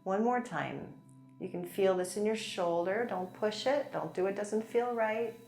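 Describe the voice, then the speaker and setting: A woman teaching a chair yoga class, gently guiding breaths and movements with encouragement and light laughs. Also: mid-range voice, a little slow. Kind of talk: guided yoga class instruction. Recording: echoey room with soft music. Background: soft background music.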